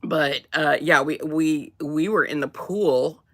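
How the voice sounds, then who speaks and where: A woman's voice: sits low, slow, fairly bright tone. A woman chatting casually as a co-host, rambling with many restarts and laughs. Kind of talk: casual chat.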